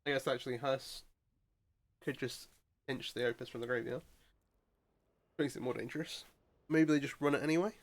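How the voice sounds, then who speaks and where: A man talks through his card game match as he plays. He mutters half-finished thoughts, repeats words and restarts sentences. His pitch sits at an ordinary middle level for a man. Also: steady tone, normal speed, long pauses. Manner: thinking aloud, mumbling, frequent restarts. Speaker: streamer playing a card game. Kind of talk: casual gameplay commentary.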